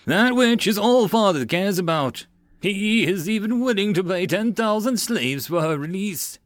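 A man's voice: fairly high pitch, big pitch swings, measured pace, creaky, dry recording, clean studio sound, voice pushed up, exaggerated voice. A man voicing a spoiled, arrogant young male lord who rants indignantly in an audiobook. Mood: ranting. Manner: indignant ranting.

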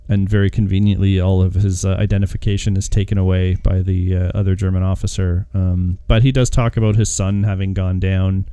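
A man co-hosting a movie podcast in a relaxed, chatty way. His voice is low, warm and smooth, and it sits close to the mic in a dry space. He wanders through his points with soft hesitations. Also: no echo. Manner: conversational, leads topics with loose hesitant phrasing. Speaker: podcast co-host. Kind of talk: casual movie discussion.

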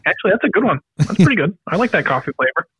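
A man co-hosting a casual podcast, his voice a touch higher than most men's. He rambles and pokes fun at himself as he talks. The recording is dry and close, with no room echo. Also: sing-song, racing, fairly bright tone, husky. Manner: rambling, self-deprecating. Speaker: podcast co-host. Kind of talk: casual chat.

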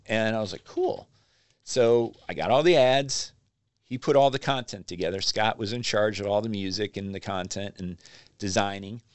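A man's voice: lowish voice, moderate pace, smooth, no room sound. A man, a magazine publisher, casually telling stories as a podcast guest and acting out what people said. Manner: animated storyteller acting out quotes. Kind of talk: casual storytelling interview.

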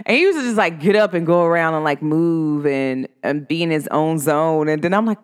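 A woman vlogger telling a personal story in a casual, rambling way, full of "like" and sudden swings of pitch. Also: expressive, a little fast, gravelly. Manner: rambling, heavy use of "like", pitch swings up and down sharply.

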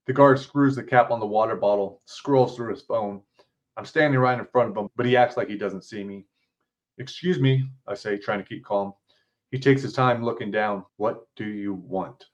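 A man's voice: fairly low pitch, steady tone, brisk. A man, author and podcast host, reading his interactive story aloud with blunt, casual asides and free swearing.

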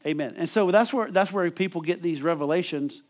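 A man's voice: high-pitched, fairly quick, darkish tone. A middle-aged man preaching a sermon as pastor, emphatic and calling for amens from the congregation. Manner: emphatic preaching with call-and-response.

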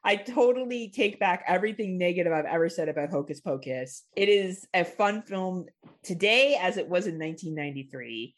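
A woman's voice: lowish voice, lively intonation, fairly quick. A woman co-hosting a podcast, chatting casually and animatedly about a film, swearing and laughing often. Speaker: podcast co-host. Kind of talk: casual film review chat.

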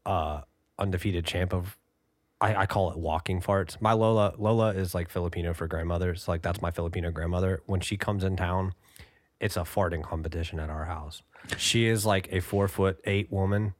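A man's voice: deep voice, fairly even intonation, fairly quick, dry recording. A man chatting casually as a podcast guest in a studio, rambling with lots of "like" and laughing through his stories. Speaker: band member guest.

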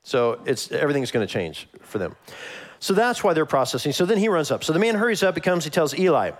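Lively man preaching. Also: fairly high pitch, fast. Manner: animated, acts out quoted lines. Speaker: pastor. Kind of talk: conversational sermon.

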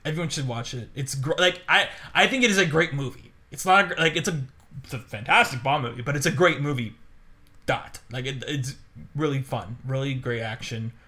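Bright-voiced man telling rambling stories. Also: mid-range voice, fairly quick. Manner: rambling, animated storytelling with many fillers and laughs. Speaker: podcast co-host. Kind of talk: casual chat.

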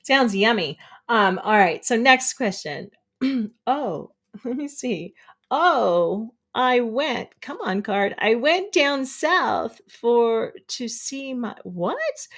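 Chatty giggly woman reading trivia qs to her live chat, takes it slow. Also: fairly high pitch, animated, fairly bright tone. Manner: giggly, chatty, reads questions aloud to chat. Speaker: live stream host. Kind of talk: casual live trivia quiz with viewers.

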